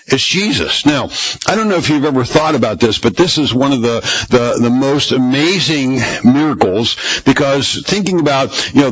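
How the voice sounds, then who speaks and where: Male pastor, chatty sermon full of rhetorical questions, husky voice, dull lo-fi church recording. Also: mid-range voice, fairly bright tone. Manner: conversational, rambling with rhetorical questions.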